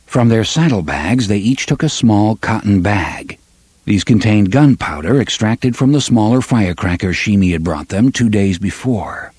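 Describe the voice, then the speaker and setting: A man narrating an audiobook with an expressive, varied delivery. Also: fairly low pitch, normal speed, husky, no room sound.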